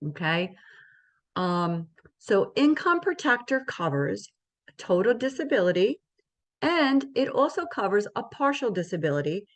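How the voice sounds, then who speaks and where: Woman presenter, mid pitch, conversational explainer style, often checks in with her audience. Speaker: insurance presenter. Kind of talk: educational presentation.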